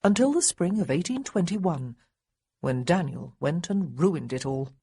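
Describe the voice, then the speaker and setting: A woman narrating an audiobook in an expressive, wry storytelling manner, with a husky voice. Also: low voice, unhurried, no echo, studio quality. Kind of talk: scripted narration.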